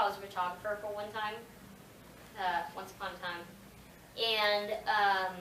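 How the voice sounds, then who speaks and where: A woman guest voice actor chatting and laughing through a casual convention Q&A. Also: mid-range voice. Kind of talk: casual panel Q&A answers. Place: convention panel room. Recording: echoey room, distant mic, background noise.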